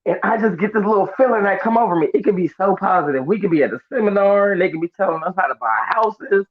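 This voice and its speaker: A man's voice: sits high, fast. Brash man on a tinny phone line. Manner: loud, profane, acts out voices. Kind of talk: animated storytelling. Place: online audio chat room.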